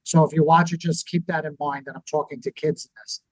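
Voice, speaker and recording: A man co-hosting a business talk show, teaching in a lively conversational way and acting out what people would say. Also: fairly high pitch, quick pace, no echo, poor audio. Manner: animated, acts out quoted reactions. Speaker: podcast co-host.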